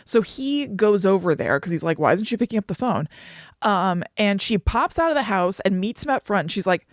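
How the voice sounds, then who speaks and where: A woman co-hosts a podcast in casual chat, retelling a story and slipping into the voices of the people in it. Her pitch sits in the middle, and the recording is dry and close. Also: lively intonation, moderate pace, no echo. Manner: chatty, laughing, acts out quoted voices. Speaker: podcast co-host.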